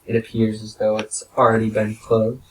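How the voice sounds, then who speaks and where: A man's voice: lowish voice, completely flat delivery, moderate pace, slight background noise. Joking man, distant mic. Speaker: player. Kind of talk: casual tabletop game chat.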